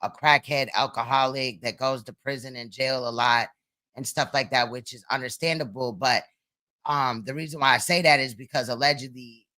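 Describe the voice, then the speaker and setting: A man's voice: mid-range voice, pushed and bright. A man hosting a livestream, reacting with sassy, gossipy commentary. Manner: sassy, gossipy remarks with laughs. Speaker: livestream host.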